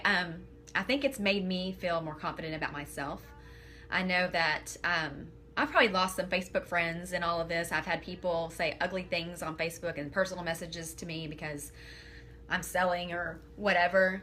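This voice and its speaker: A woman's voice: fairly low pitch, fairly even intonation, moderate pace, pushed and bright, slight background noise. A woman, talking casually and earnestly on a live video from home, emotional and rambling with fillers. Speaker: makeup seller on a live video. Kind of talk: casual live-stream talk.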